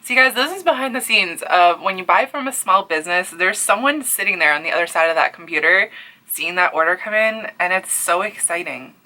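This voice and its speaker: A young Canadian woman with a Newfoundland accent talks about her crochet business in a casual home vlog, sounding breathless and overwhelmed, sighing and dropping to near-whispers. She's a crochet artist and small business owner whose voice is on the low side, fairly quick, pushed and bright.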